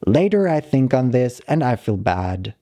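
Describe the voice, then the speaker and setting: A man calmly reading a short story aloud, narrating in the plain, halting voice of a dog. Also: medium pitch. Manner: calm, measured reading of a dog's broken-English narration. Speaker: story reader.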